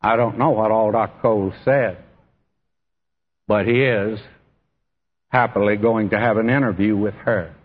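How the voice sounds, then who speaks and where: A pastor preaching a church sermon speaks in a fairly low, husky voice with a steady tone, a slightly slow pace, and long pauses. Earnest and direct, he calls his listeners friend and beloved. The audio comes from a church hall and sounds dull and echoey.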